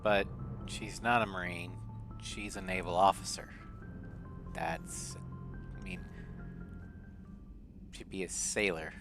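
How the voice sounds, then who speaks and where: Bright-voiced man streaming a game. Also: sits low, expressive, normal speed, gravelly, long pauses. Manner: thoughtful, reads in-game messages aloud. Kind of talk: casual gameplay commentary. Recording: faint game music behind.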